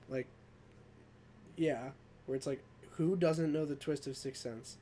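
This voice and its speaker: A man's voice: mid-range voice, a little slow, long pauses, mellow. A man with a mid-range voice, chatting casually as a podcast co-host. He is easygoing and agreeable and swears offhandedly, with a faint hiss behind him. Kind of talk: casual chat.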